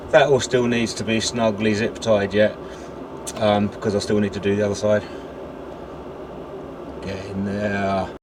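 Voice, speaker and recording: Man, chatty DIY commentary, muttering and swearing, workshop, clear background noise. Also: mid-range voice. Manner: chatty, muttering and humming while working, swears casually. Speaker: DIY video maker.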